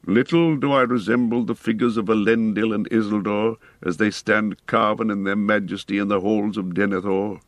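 Audiobook ranger heir, read by a man: low-pitched, grave, measured, dry mic. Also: a bit bright, no echo. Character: weathered male ranger, noble and steady.

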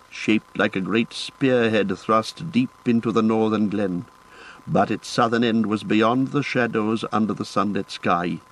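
A man reading a fantasy novel aloud in a measured, descriptive narration. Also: lowish voice, poor audio. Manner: measured, descriptive reading with lifted phrase starts. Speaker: audiobook narrator.

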